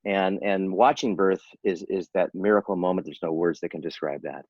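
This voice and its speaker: A man's voice: sits low, normal speed, husky, no echo, lo-fi sound. A man in his sixties, an interventionist guest, speaking in an earnest, persuasive way with frequent restarts over a video call. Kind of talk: casual interview talk.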